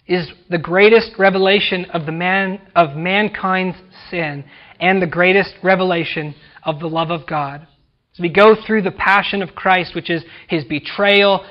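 A man preaching a sermon as a pastor, emphatic, swinging from loud declarations to quiet drops at phrase ends. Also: high voice, dull audio. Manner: emphatic preaching, rising and dropping to near-whisper.

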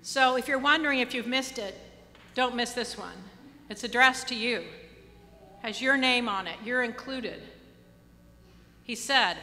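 A woman pastor delivers a sermon in a bright, somewhat high voice. She speaks earnestly, slowing down on key phrases and slipping into casual asides. Her voice carries a long reverb from the church around her.

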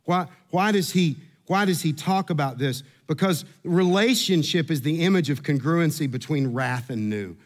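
A middle-aged man, preaching a sermon and telling a humorous personal story, earnest and given to repeating words. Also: fairly high pitch. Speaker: pastor.

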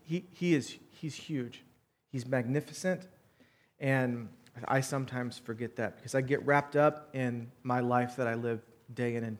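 A man in his thirties, a church elder giving announcements and an earnest, emotional sermon with fillers and restarts. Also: medium pitch. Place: church sanctuary.

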